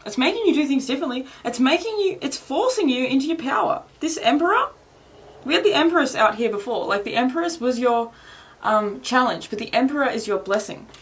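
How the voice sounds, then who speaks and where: A woman's voice: sits high, lively intonation, a little fast. A woman from Australia giving a casual tarot reading, rambling and swearing freely with frequent laughs and filler words. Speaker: tarot reader.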